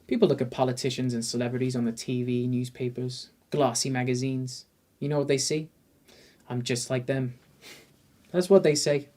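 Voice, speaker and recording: A man's voice: medium pitch, steady tone, moderate pace, a little mellow, natural voice. An actor performing a dramatic monologue as a brooding, intense young man.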